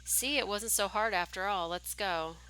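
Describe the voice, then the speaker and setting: A woman's voice: mid-range voice, bright, forceful tone, clear, resonant tone, close to an everyday voice, low-quality recording. A woman reading a pushy teasing teenage boy. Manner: reading game dialogue aloud, brisk and teasing. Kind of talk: reading game text aloud on a livestream.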